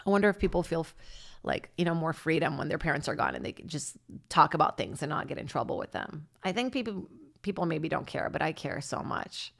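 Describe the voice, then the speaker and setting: A woman's voice: brisk, creaky. Chatty woman comic riffing solo. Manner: rambling, self-deprecating, breaks into laughter, lively jumps in pitch. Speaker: podcast host and stand-up comic. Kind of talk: casual solo comedy monologue.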